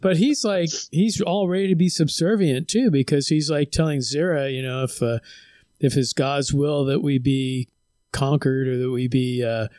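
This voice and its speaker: A man's voice: mid-range voice, fairly even intonation, normal speed, a little mellow, dry recording, clean studio sound. A man co-hosting a casual film discussion, thoughtfully explaining plot points at length. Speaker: podcast co-host.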